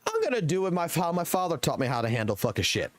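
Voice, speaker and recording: A man's voice: a little high, huge pitch swings, quick pace. A young man from the American South with a Southern accent, ranting heatedly and profanely on his live game stream.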